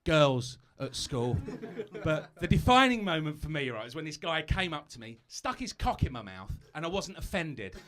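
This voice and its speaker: A man's voice: a little high, very animated, normal speed, hardly any pauses, a bit bright. A British man doing a stand-up comedy set on a live stage, chatty and self-mocking, stumbling over asides.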